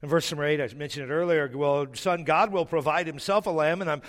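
Storytelling pastor in a reverberant hall. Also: male voice, fairly high pitch, fairly even intonation, quick pace, a bit bright. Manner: emotional storytelling, self-mocking humor. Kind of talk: sermon with personal story.

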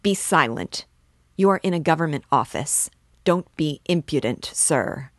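A woman's voice: deep voice, animated, measured pace, no room sound, clean studio sound. A woman reading aloud the lines of an irritable, pompous male police officer who blusters indignantly.

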